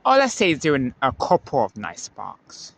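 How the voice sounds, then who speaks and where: A man filming trains from the trackside, chatting excitedly as they pass and swinging between mumbled asides and excited squeals. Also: mid-range voice, moderate pace, gravelly, background noise. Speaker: trainspotting vlogger. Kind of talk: excited live commentary. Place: outdoors beside a railway line.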